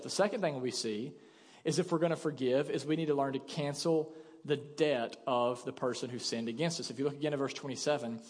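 A young man preaching a sermon as a pastor, talking conversationally and acting out quoted voices. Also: on the high side. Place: church sanctuary. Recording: long church reverb.

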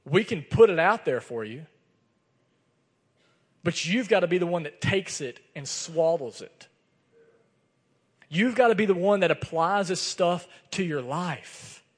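A man's voice: sits high, animated, measured pace, pauses often, husky. A man preaching a sermon as pastor, earnest and conversational, telling personal stories. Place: church sanctuary. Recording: long reverb of a church hall.

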